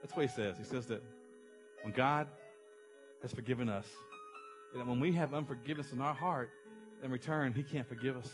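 A middle-aged man preaching a passionate sermon as a pastor, acting out an illustration with someone from the congregation. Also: medium pitch.

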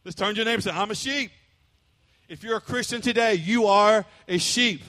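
A man with a high voice preaching a sermon to his congregation. He swings between loud emphatic declarations and quieter explanation, pulling listeners in with call-and-response. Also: fairly quick. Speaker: pastor.

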